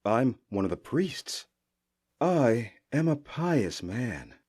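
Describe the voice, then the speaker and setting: A sly wandering traveler in an audiobook, as a man puts him on, posing as a humble priest and smoothly ingratiating himself. His voice is dark and husky, with lively swings in pitch. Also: slow pace, heavily acted.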